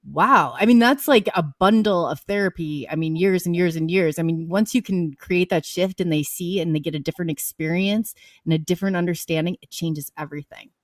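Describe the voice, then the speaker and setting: Enthusiastic woman host, low and dry. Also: a little fast, no room sound. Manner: enthusiastic, affirming. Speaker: radio show host. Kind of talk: interview reactions.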